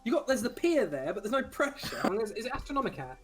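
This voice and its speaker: A man's voice: very high-pitched, big pitch swings, fast talker, music in the background. A young man joining a let's play, trading dry, sarcastic banter. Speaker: co-host guest. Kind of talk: casual gameplay chat.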